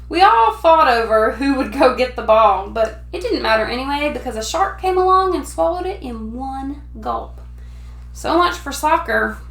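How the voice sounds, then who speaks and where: A woman teacher reading a picture book aloud to children in an animated, expressive way. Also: high voice, roomy sound.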